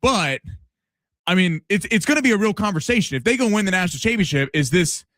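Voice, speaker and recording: Man, American, radio co-host, relaxed chatter, repeats words, slightly high voice, dry sound. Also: quick pace, no echo. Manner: laid-back, stumbles and repeats words. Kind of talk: casual sports radio banter. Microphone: studio broadcast mic.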